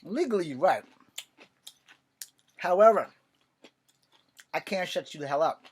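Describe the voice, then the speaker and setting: A man's voice: high voice, animated, unhurried, breathy edge, pitched above the performer's own voice, heavily acted. A man voicing a blunt, tough woman federal agent who swears and snaps curtly. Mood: exasperated. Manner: curt, swearing.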